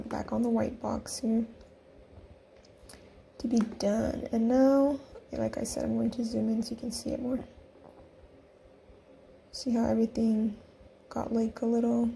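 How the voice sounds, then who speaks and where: A woman's voice: on the high side, flat delivery, a little slow, gravelly, pauses often, mellow, slight background noise. A young woman casually narrating a design tutorial, chatty and giggly as she talks through each click. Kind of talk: casual screen-recorded tutorial.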